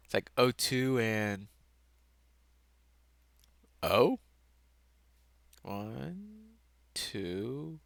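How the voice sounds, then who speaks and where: Slow, bright-voiced man rambling through a lesson. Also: medium pitch, very animated, vocal fry, no room sound. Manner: casual, self-correcting, laughs at own mistakes, sudden loud outbursts. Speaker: lesson presenter. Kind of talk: rambling self-made lesson.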